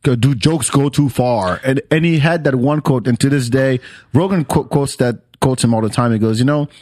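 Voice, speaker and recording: A man hosting a podcast, chatting casually in a loose, profane way with halting restarts. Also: medium pitch, darkish tone, dry recording. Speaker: podcast host, comic.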